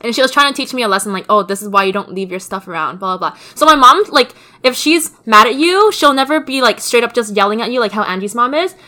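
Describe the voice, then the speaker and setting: A young woman with a bright, slightly high voice co-hosts a casual podcast. She tells stories animatedly, acting out each quoted line. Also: expressive, quick pace, hardly any pauses. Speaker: podcast co-host. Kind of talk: casual chat.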